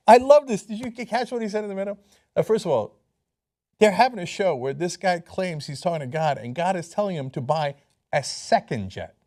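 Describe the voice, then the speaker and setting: A man's voice: high-pitched, lively intonation, normal speed, a little mellow. A man giving sarcastic commentary, mocking what he shows and parodying it in silly voices.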